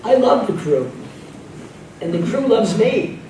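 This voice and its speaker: An older actress telling lively backstage stories as an interview guest, laughing often and mimicking others. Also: female voice, mid-range voice, unhurried. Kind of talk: anecdotal storytelling Q&A. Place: club room with live audience. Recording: echoey room, distant mic, background noise.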